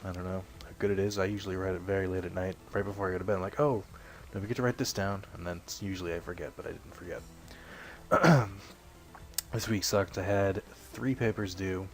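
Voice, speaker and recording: A young man with a low, deep voice chatters loosely over a game he is playing. He wanders off topic, swears casually and pokes fun at himself, clearing his throat every so often. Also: fairly even intonation, brisk, soft background music. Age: young adult. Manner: rambling, self-deprecating, swears casually. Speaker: let's play host. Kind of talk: casual gameplay commentary.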